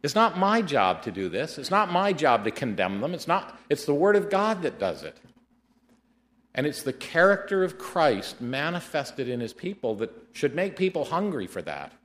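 Animated middle-aged male preacher. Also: a little high. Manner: animated storytelling, slows down for scripture. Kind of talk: sermon with personal story.

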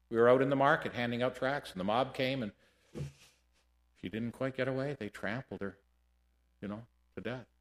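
A man delivering a sermon in an easy storytelling manner. His voice sits at a middling pitch and swings between quiet, low passages and loud, emphatic peaks. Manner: storytelling, lively shifts between hushed and loud. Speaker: preacher. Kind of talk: sermon with anecdotes.

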